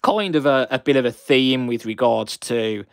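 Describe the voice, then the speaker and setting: A young man with a broad Black Country accent hosts a live stream, greeting viewers one by one in a chatty, effusive way. His voice sits at an ordinary middle pitch. The sound is dry and close, with no room around it. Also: animated, normal speed, creaky, no room sound. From West Midlands, England.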